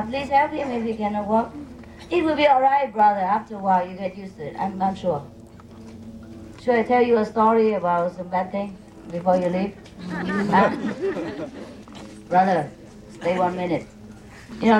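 A woman's voice: mid-range voice, darkish tone, slight background noise, rough recording. A woman spiritual teacher answering questions from a gathering in non-native English, playful and laughing often.

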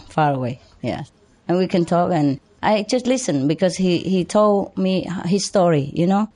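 An older woman whose first language is Vietnamese, a spiritual teacher telling life stories to followers in a chatty way, laughing often and pausing with many fillers. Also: lowish voice, dark tone. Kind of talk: storytelling talk to followers.

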